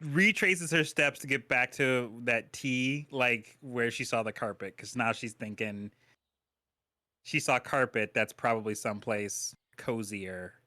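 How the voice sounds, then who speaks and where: Guy playing a tabletop game, really bright voice, blunt and swears a lot. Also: medium pitch, unhurried, no room sound, studio quality. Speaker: player. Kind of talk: tabletop roleplay, describing his character.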